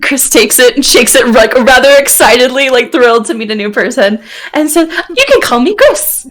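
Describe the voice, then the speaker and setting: A woman playing a tabletop role-playing game, excitable and giggly. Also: high voice, moderate pace, soft background music. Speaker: player.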